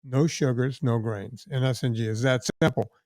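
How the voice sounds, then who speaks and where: A man's voice: medium pitch, fairly even intonation, moderate pace, a little mellow, dry recording, clean studio sound. A man with a Louisiana accent hosting a podcast, talking bluntly and chattily and repeating his points for emphasis. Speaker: podcast host. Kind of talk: casual podcast chat.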